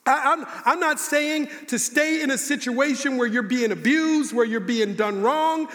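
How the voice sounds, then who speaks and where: Man, pastor, sermon, slow emphatic repeats, long hall reverb. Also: very high voice, a bit bright. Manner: preaching with slow emphatic repetition.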